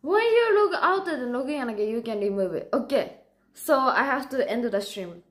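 A woman streamer chats casually with her viewers. She sounds giggly and excitable, and her voice sits noticeably high. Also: moderate pace. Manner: giggly and excitable, laughs often. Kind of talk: casual livestream chat.

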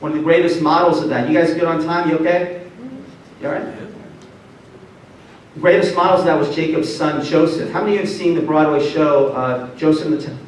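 A rabbi giving a motivational talk to an audience, telling stories in a lively way and quizzing the listeners. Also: male voice, a little high, a little hiss or hum. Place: large hall before an audience. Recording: echoey hall, distant mic.

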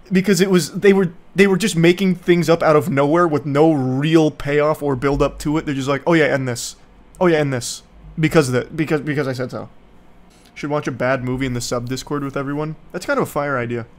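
A young man giving casual, sarcastic movie commentary in a rambling, mocking way. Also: fairly high pitch. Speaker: YouTube commentator.

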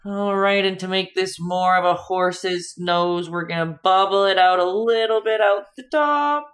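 A woman's voice: lowish voice, level tone, normal speed. A young woman hosting a live painting lesson, chatting casually with viewers in the chat as she works. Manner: chatty, talks to chat viewers while teaching. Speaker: painting instructor and livestream host.

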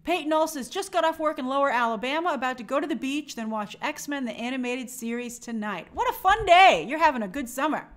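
A woman's voice: high voice, fast, few pauses. A young woman hosting a movie live stream, chatting upbeat and reading out viewer comments.

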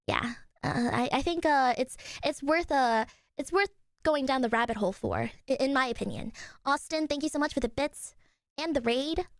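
A young woman streamer chatting casually with her viewers, bubbly and quick to squeal and laugh. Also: high voice, dry recording, studio quality.

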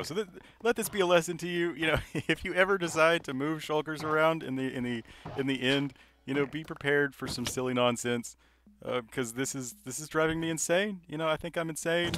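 A man giving casual commentary over his gameplay, rambling and self-mocking, filling pauses with "you know". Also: on the high side, a bit bright, a little hiss or hum. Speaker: gaming video creator.

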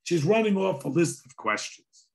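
Hoarse rabbi giving a wry talk. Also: male voice, on the high side, big pitch swings, normal speed. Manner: conversational and wry, with dry humor. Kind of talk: sermon-style lecture with storytelling.

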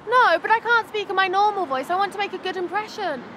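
A woman's voice: very high voice, expressive, quick pace, background noise. A woman playing a bubbly starstruck girl. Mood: chirpy. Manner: bubbly, giggly, eager to please. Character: ditzy excitable young woman, starstruck. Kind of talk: comedy sketch acting.

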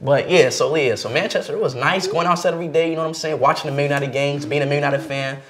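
A young man joking through an interview, playful and exaggerated, swinging between loud outbursts and mumbled asides. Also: a little high, steady tone, fast, a crowd in the background. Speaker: guest.

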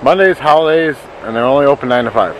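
Mid-pitched guy rambling on a trail, kinda self-deprecating, lots of wind and outdoor noise behind him. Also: animated, fast, rough recording. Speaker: family member taking photos. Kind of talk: casual vlog chat.

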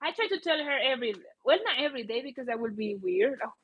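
A woman's voice: high-pitched, expressive, quick pace, slightly rough, lo-fi sound. A woman with a Colombian accent, a native Spanish speaker, chatting casually on a livestream and often searching for English words. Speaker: vlogger.

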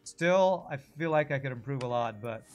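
A man's voice: mid-range voice, lively intonation, moderate pace, soft background music. A man casually commenting on his own gameplay on a live stream, thinking aloud and answering viewers. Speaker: game streamer.

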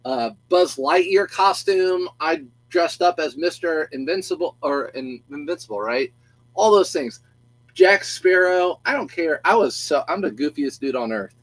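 A middle-aged man chatting on a live stream in a slightly high voice, goofy and talkative. He greets viewers by name and keeps restarting his sentences. The sound is dry and close, with no room around it. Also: dry recording, poor audio.

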